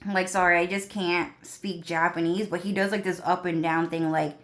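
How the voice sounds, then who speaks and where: A young woman with a fairly low voice rambles to her viewers in a loose, profane rant. She swears constantly and piles up fillers as she jumps from thought to thought. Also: flat delivery, normal speed, fairly bright tone. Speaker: vlogger.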